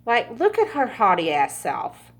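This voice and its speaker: A woman's voice: a little high, wildly swooping pitch, unhurried. A woman giving a casual pick-a-card tarot reading, chatty and laughing often, with frequent swearing. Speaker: tarot reader.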